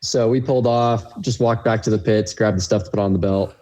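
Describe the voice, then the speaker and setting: Low, mellow-voiced young man. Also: steady tone, fairly quick. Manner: easygoing, laughs while telling the story. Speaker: racecar driver guest. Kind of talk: casual podcast interview.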